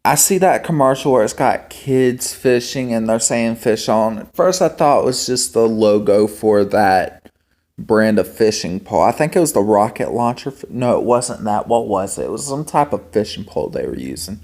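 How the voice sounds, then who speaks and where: A young man vlogging in a casual, rambling monologue, halting with many ums and restarts. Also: lowish voice, lively intonation, a little mellow. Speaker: homestead vlogger.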